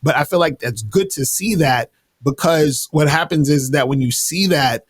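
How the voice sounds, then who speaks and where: A man's voice: a little high, moderate pace, breathy edge, dry recording. Slangy man with a dry close sound. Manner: laid-back storytelling with slang and repeated restarts. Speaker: dating coach guest. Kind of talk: casual interview talk.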